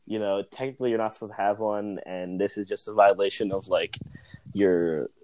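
A man's voice: on the low side, steady tone, fairly quick, darkish tone, close to an everyday voice. A young man imitating his stern female boss in a casual story, barely changing his voice.

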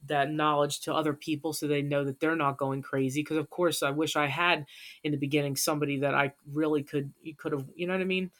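A woman as a podcast guest, telling a personal story in an earnest, heartfelt way. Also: deep voice.

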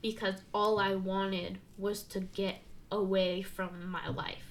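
Young woman, halting candid talk. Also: medium pitch, flat delivery, slight background noise. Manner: halting, many fillers and restarts. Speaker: guest sharing her story. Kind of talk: candid casual conversation.

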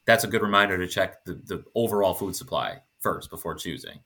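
A man's voice: low-pitched, expressive, brisk, sharp tone. A man co-hosting a casual podcast, speaking with dry, mock-formal wit. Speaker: podcast co-host.

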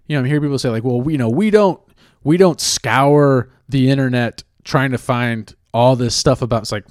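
A man's voice: lowish voice, a little mellow, dry recording, clean studio sound. A man ranting in a casual way, blunt and profane, stopping now and then to question himself. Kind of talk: casual rant.

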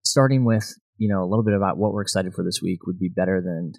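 A man hosting a podcast in casual chat, relaxed and saying "you know" often. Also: low voice, fast talker, vocal fry, no room sound. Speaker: podcast host.

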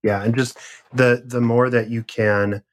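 A man's voice: mid-range voice, flat delivery, a little slow. A man hosting a podcast, chatting casually and steering the talk with questions. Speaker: podcast host.

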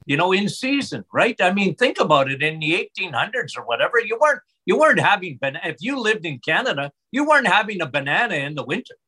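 Excitable man with a bright voice. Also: sits high, quick pace, hardly any pauses, slightly rough. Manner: excitable, voice rises when excited. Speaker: doctor, podcast guest. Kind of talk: passionate health talk.

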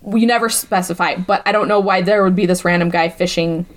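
A woman co-hosting a casual movie podcast, recapping the plot in an animated way and swearing often. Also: fairly low pitch, brisk. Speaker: podcast co-host reviewing a movie. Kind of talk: casual chat.

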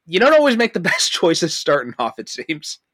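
A man's voice: fairly high pitch, huge pitch swings, moderate pace, bright, forceful tone, dry recording. A man hosting a podcast, chatting in a laid-back way with plenty of fillers. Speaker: podcast host. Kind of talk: casual chat.

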